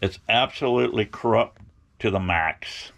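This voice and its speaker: A man's voice: on the low side, moderate pace, creaky, a bit bright. A middle-aged man telling rambling, folksy stories to his viewers, blunt and opinionated. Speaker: outdoor vlogger.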